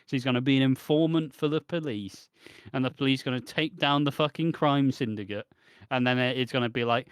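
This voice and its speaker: British man, podcast co-host, middle pitch, dry close sound, sweary ranter who mocks people in voices. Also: fairly quick, smooth, no room sound. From Britain. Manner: sweary, animated ranting with mocking voices. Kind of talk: casual ranting chat.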